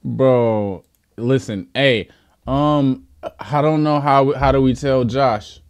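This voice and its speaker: A man's voice: mid-range voice, takes it slowly, smooth. A young man streaming live, laid-back and slangy, cursing often.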